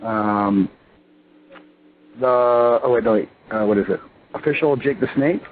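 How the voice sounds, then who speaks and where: A man in his thirties, a pro wrestler and interview guest, talking in a rambling, excitable way full of fillers. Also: fairly low pitch, measured pace. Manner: excitable, rambling, full of "you know" and "I mean". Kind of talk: casual phone interview. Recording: tinny phone line with faint hiss.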